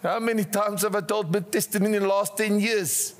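An older man with a South African accent preaching a passionate sermon, swinging between rising cries and hushed asides, in a church. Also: sits high, fairly even intonation, brisk. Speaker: pastor. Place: church hall. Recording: church hall reverb.

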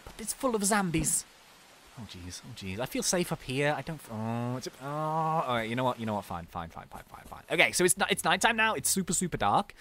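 A man giving excitable, chatty commentary while playing a video game, often laughing and exclaiming. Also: on the high side, fairly quick, slight background noise. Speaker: gaming video host. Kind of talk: casual let's-play commentary.

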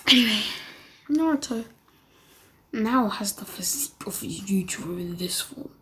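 A young woman casually retelling a fan-fiction story as a YouTuber, rambling in a soft, whispery way. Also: medium pitch, lively intonation, normal speed, a little hiss or hum.

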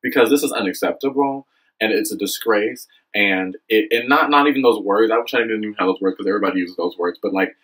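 A young vlogger with a husky, slightly breathy voice talks fast and directly to the camera in an impassioned monologue. Earnest and preachy, he keeps asking "okay?" and "you know what I mean?", and his animated pitch jumps high when he gets excited. The audio is poor.

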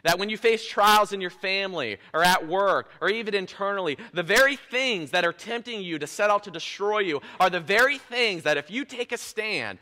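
A man preaching a sermon in a church, retelling a scripture story in a lively, playful way with casual asides. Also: high-pitched. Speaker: pastor. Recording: echoey church hall.

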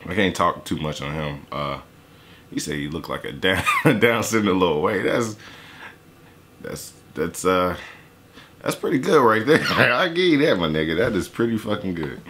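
A young man with a lowish voice talks loosely over a track he is reacting to, joking and cursing freely. His pitch swings a lot as he throws in mocking impressions of the people he is discussing. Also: expressive, moderate pace, a bit bright. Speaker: YouTuber reacting to a diss track. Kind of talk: casual profane reaction commentary.

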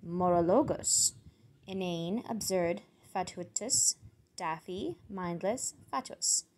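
A woman's voice: fairly low pitch, slow pace, a little mellow. A woman reading out foreign words and their meanings, thinking aloud and sounding them out as she goes. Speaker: word channel host. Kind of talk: solo vocabulary reading.

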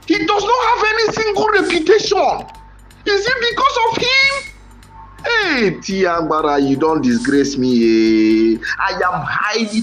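An online commentator with a Nigerian accent delivers an impassioned voice note, dramatic and lamenting, repeating phrases and exclaiming. The voice is high and a bit bright.

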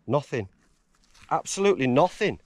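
An English man vlogging from a high mountain trail, rambling and emotional, breaking into laughter. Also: sing-song, moderate pace, dry recording. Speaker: hiker vlogger. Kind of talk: casual vlog talk.

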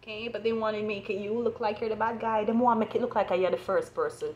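A woman's voice: mid-range voice, steady tone, quick pace, a little mellow, lo-fi sound. A woman with a Jamaican accent giving an astrology reading as a blunt, profane rant. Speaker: astrology reader.

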